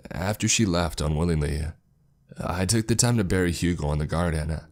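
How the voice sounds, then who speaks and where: A man narrating a first-person horror story in a slow, somber, scripted way. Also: sits low, a little mellow. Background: faint background music.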